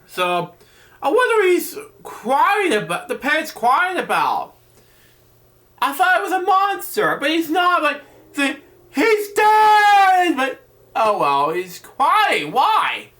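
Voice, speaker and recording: High, bright-voiced man reading a bedtime story. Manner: halting, stumbles and restarts words, chatty side comments. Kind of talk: reading a children's book aloud with casual asides.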